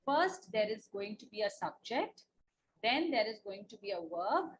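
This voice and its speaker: A woman's voice: medium pitch, sing-song, moderate pace, slight background noise, rough recording. A woman with an Indian English accent teaching an online class, patient and repetitive, checking in with "okay?" as she goes. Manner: patient, repeats points, asks "na?" and "okay?".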